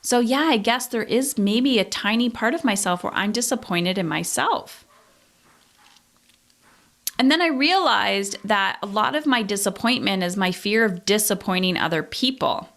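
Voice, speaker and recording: Woman podcast host, thirties, candid, introspective, casual swearing, middle-pitched voice. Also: expressive, normal speed, a bit bright. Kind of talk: reflective solo podcast talk.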